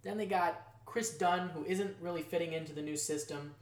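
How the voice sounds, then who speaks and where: A man hosting a casual news-style show, jokey and animated, his voice jumping from loud outbursts to quiet asides. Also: a little high, normal speed, few pauses. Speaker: show host. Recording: echoey room.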